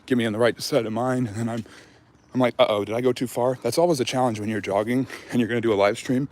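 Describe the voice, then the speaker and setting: A man's voice: medium pitch, fairly even intonation, fast, darkish tone. A man hosting a casual history Q&A livestream, out of breath after a jog, rambling loosely with lots of fillers and restarts. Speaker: history channel host.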